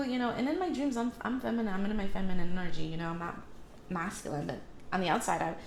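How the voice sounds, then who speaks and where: A woman's voice: mid-range voice, fast talker, creaky, reverberant, a little hiss or hum. Woman, tarot reader, casual rambling advice, fillers and self-corrections, faint room ambience. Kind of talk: casual spiritual advice monologue.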